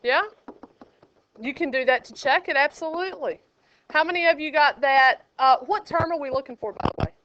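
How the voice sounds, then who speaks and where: A woman's voice: high voice, moderate pace, noisy background. A woman math teacher, teaching a classroom and joking with her students. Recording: dull lo-fi classroom recording.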